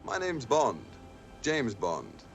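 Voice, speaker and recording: An actor playing a suave, perky British secret agent in a film clip. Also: male voice, medium pitch, huge pitch swings, takes it slowly, creaky, music in the background, full character voice. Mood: breezy. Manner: breezy, perky. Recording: film clip with background noise.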